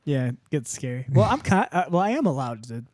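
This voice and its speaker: A man co-hosting a podcast in a jokey, animated way, laughing often. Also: mid-range voice, fast talker, no room sound, clean studio sound. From Mexican heritage. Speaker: podcast co-host. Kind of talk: casual podcast banter.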